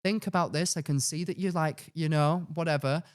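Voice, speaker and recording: A young man, a podcast co-host telling a personal story in a casual, animated way, acting out his own past lines. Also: brisk, clean tone. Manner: animated, acts out his past self with sudden high-pitched outbursts.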